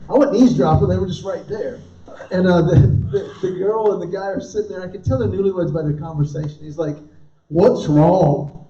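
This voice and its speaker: At a church event, a man in his fifties does stand-up in a large hall before a live audience, telling animated stories and acting out the dialogue of the people in them. He speaks a little fast in a high-pitched voice, with a little hiss or hum. The recording sounds roomy, distant and dull.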